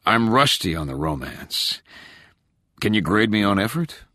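A man's voice: on the low side, very animated, a little slow, sharp tone, no echo, heavily acted. A man doing a roguish, joking grown man. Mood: playful. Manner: joking, self-deprecating.

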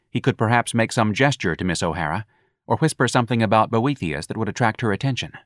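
Low-voiced man narrating a novel. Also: fairly bright tone, dry recording, studio quality. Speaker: audiobook narrator. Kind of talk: scripted narration.

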